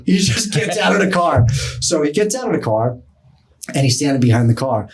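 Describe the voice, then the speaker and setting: A middle-aged man, telling a story as a podcast guest, animated and acting out other people's lines. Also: fairly high pitch, a little fast, breathy edge. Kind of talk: storytelling in casual talk.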